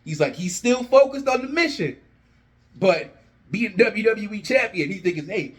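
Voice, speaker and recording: A young man casually telling an imagined wrestling storyline, animated and jumping into characters' lines as he goes. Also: sits high, normal speed. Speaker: wrestling fan video host. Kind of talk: casual fantasy-booking storytelling.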